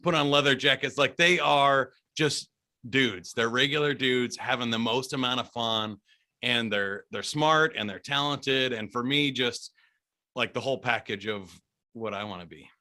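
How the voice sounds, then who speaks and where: A man being interviewed as a guest, a DJ telling stories in an animated, chatty way with frequent laughs. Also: medium pitch, moderate pace. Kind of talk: casual storytelling interview.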